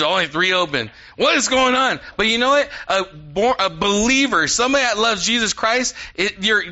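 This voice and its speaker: A man preaching a sermon in an animated, conversational way, with quick asides to the congregation. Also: high-pitched. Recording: dull lo-fi sound.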